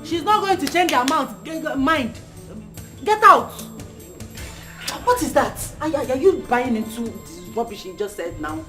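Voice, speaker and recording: An actress playing an indignant young female student with a Nigerian accent, shouting and quick to outrage. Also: sits high, lively intonation, soft background music. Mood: angry. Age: young adult. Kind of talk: Nollywood-style skit acting.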